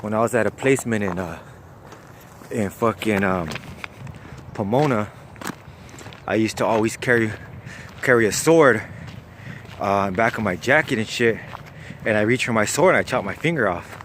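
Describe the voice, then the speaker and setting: A man voicing an odd young guy who tells violent tall tales flatly. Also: lowish voice, normal speed, pauses often, slight background noise, natural voice. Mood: deadpan. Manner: deadpan, flat, matter-of-fact.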